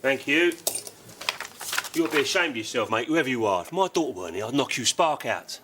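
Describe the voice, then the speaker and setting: A man's voice: medium pitch, lively intonation, fast talker, noisy background, close to an everyday voice. A man playing an aggressive father who threatens another man. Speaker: angry father.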